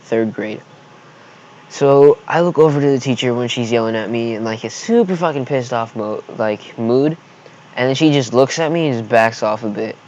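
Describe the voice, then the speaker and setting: A man's voice: medium pitch, moderate pace, a little mellow, muffled recording, a little hiss or hum. A man telling a storytime vlog, rambling and swearing heatedly as he recounts a school fight. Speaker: vlogger.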